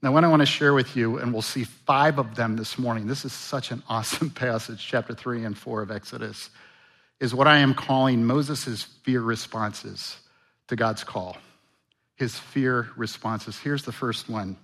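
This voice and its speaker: Bright-voiced earnest male preacher. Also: medium pitch, normal speed. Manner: conversational, earnest, self-correcting. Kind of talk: sermon.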